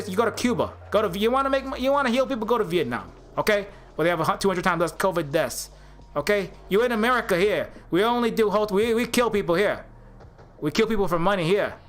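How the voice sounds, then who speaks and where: A man's voice: high voice, fairly bright tone. A man voicing a menacing male mob boss in a put-on New York accent, threatening and pushy. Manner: threatening, repeats "okay?" and "forget about it".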